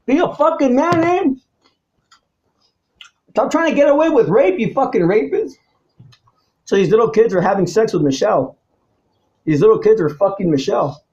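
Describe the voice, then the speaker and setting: A man talking alone to the camera, swinging between low mutters and loud, angry, profane outbursts and repeating himself. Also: lo-fi sound. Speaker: vlogger. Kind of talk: rambling solo monologue to camera.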